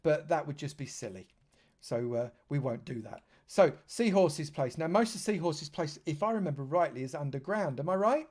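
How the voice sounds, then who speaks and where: A man's voice: fairly high pitch, lively intonation, moderate pace, a little mellow. A man from London, giving chatty live commentary on a game stream and joking with dry sarcasm. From London, England.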